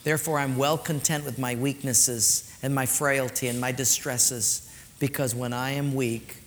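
A man preaching a sermon, animated, swinging from loud storytelling to soft, quiet points. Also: mid-range voice, a little slow, slight background noise. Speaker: pastor. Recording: long hall reverb.

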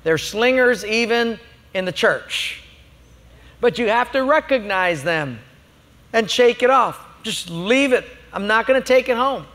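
A man's voice: very high voice, lively intonation, unhurried, a bit bright, in a large hall. A man preaching a sermon as a pastor, emphatic and humorous, telling stories to make his points.

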